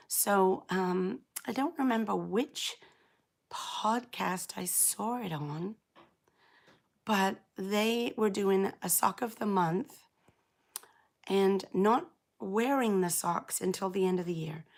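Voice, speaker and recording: A middle-aged woman from England, hoarse and croaky after an illness, chatting casually and rambling as she hosts a live knitting stream and greets viewers by name. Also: mid-range voice, slow. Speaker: knitting channel host.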